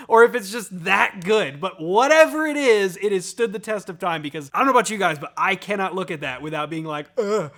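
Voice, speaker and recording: A man hosting a music analysis video, talking in an animated, enthusiastic, explanatory way. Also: high-pitched. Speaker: host.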